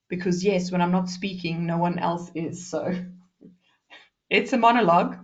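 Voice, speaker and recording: A woman from South Africa giving a presentation skills workshop, fast and lively, deliberately shifting her pace and loudness. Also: on the low side, lo-fi sound.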